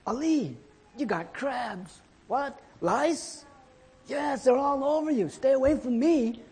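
A man doing shrill panicky Egyptians. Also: big pitch swings, unhurried, dark tone, husky, heavily acted. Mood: panicked. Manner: shrill, frantic exclamations. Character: panicky itching Egyptian men, frantic and whiny.

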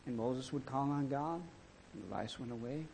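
A man's voice: medium pitch, normal speed, vocal fry, a little mellow, a little hiss or hum. A man telling a Bible story and reading archaic scripture in a dramatic, emphatic way.

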